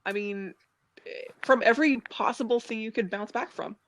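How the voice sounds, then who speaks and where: A woman's voice: on the high side, moderate pace, dry recording. A woman hosting an interview podcast, encouraging her guest with affirmations and reflective comments. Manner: encouraging, frequent affirmations and laughter. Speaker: podcast host. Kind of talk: supportive interview conversation.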